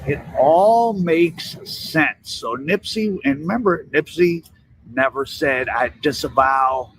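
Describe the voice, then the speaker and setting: A man's voice: a little high, animated, takes it slowly, slight background noise, rough recording. A man commenting casually, retelling stories with asides and hedges.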